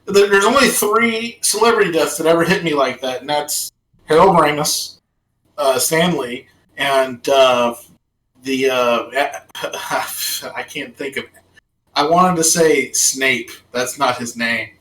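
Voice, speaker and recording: A man's voice: a little high, slow, fairly bright tone, far from the mic, slight background noise. A man on a podcast chatting casually, rambling and often laughing as he talks, recorded in an echoey room away from the mic. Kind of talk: casual chat.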